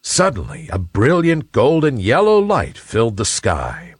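A man narrating a children's storybook in an expressive, unhurried way. His delivery is slow and his pitch swings widely and animatedly. The recording is close and dry. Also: husky, no echo.

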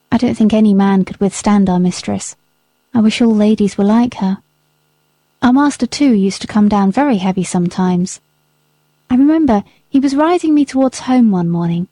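A woman narrates a classic novel with calm, even storytelling. Her voice is mellow and soft-edged. The recording is dry, with no room sound. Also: mid-range voice, no room sound. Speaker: audiobook reader. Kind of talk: scripted narration.

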